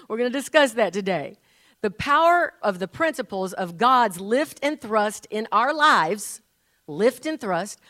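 Older female preacher, slightly high voice, folksy storyteller with a lively delivery. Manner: folksy and animated, laughing at her own stories. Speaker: pastor. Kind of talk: sermon.

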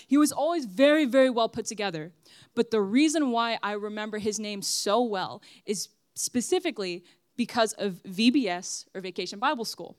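A woman's voice: medium pitch, lively intonation, moderate pace, no room sound, studio quality. A young woman giving a personal testimony sermon at church, earnest and emphatic as she speaks straight to the congregation.

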